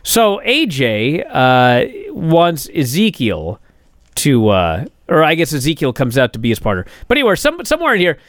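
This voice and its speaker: A man's voice: fairly high pitch, wildly swooping pitch, normal speed, fairly bright tone, no room sound. A man giving a casual, sarcastic recap of a wrestling show, exasperated and building to indignant outbursts.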